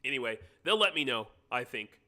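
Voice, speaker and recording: A man's voice: medium pitch, very animated, brisk, sharp tone. An American man hosting a live stream, chatting casually and joking while he adjusts his sound setup. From United States. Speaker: livestream host. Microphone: computer mic on a live stream.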